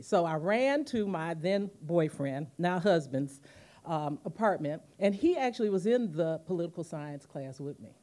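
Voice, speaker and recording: A woman in her fifties gives a commemorative speech in a university auditorium at a podium mic, telling stories and acting out the quotes. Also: fairly low pitch. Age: 50s. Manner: animated storytelling, acting out quotes. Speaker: guest speaker, museum president.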